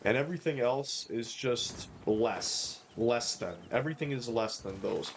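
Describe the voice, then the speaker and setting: A man's voice: medium pitch, unhurried, a little hiss or hum. A man live-streaming a game, ranting and swearing as he talks to his chat. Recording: game music behind.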